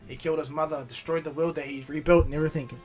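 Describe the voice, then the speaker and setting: A man's voice: a little high, flat delivery, racing, a little mellow, soft background music. A man casually retelling a fan-made story, rambling with many restarts.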